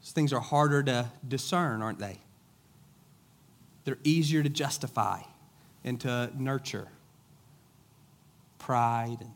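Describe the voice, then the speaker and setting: A middle-aged man preaching a conversational sermon as a pastor, casual and joking, telling stories in plain everyday speech. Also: medium pitch. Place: church sanctuary.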